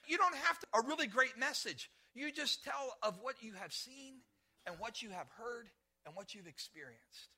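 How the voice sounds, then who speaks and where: A man preaching a sermon in a high, very bright voice. He repeats his phrases for emphasis and calls on the congregation to say words back to him. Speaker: pastor.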